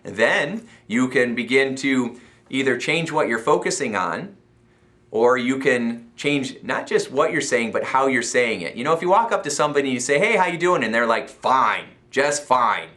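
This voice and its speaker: A man's voice: medium pitch, lively intonation, normal speed, a bit bright. An American man giving an upbeat motivational talk as a self-help coach, laughing often and acting out little voices.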